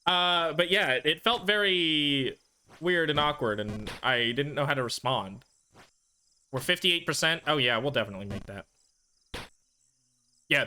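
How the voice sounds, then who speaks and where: A man with a highish, pushed, bright voice streams a video game and tells his chat a rambling, profane story. He rants and mocks himself in casual storytelling while gaming, with slight background noise present.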